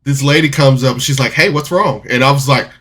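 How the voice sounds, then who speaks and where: A man's voice: mid-range voice, fairly quick, a bit bright. A man telling a personal story to camera in a rambling, candid way, with frequent restarts and rueful laughs. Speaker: vlogger.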